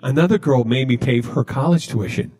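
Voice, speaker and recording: A man hosting a podcast, telling a story in a casual, deadpan way. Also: medium pitch, fairly quick, breathy edge. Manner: deadpan, recounting jokes he told. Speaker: podcast host.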